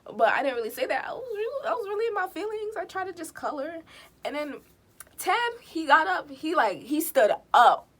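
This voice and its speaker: A woman with a high voice tells a story to the camera in loose, slangy talk. She is animated and lively, and she acts out the other people in her story. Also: fairly quick. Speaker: storytime vlogger. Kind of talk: casual storytelling.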